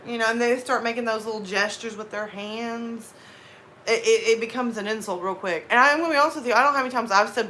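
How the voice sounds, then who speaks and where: A woman's voice: fairly high pitch, brisk, a bit bright, slight background noise. A woman from the American South with a light Southern accent, chatting casually and laughing with her live stream viewers. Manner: chatty, laughs often, slips into drawled Southern phrases.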